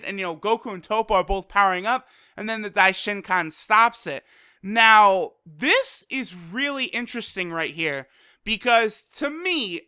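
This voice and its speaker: A man reviews an anime episode with casual, animated energy. His voice is bright and smooth. The recording is dry and close. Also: high-pitched, no room sound. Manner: energetic, animated retelling with quoted lines.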